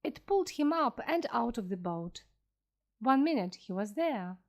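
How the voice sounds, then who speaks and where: A woman narrating a story slowly and clearly for language learners, reading with careful pronunciation. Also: fairly high pitch, big pitch swings.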